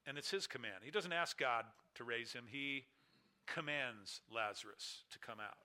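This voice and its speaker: A man preaching a sermon, emphatic, with big swings in loudness and pitch. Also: moderate pace. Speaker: pastor.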